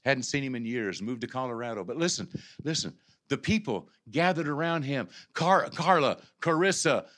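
Male pastor, sermon, bright tense voice, conversational to loud impassioned preaching, stammered restarts. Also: medium pitch, animated, normal speed. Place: church sanctuary.

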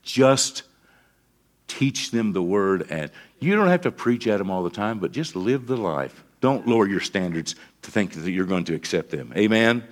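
A man's voice: fairly low pitch, expressive, normal speed. A middle-aged man, preaching a sermon in a folksy style full of repeated phrases and asides. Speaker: pastor.

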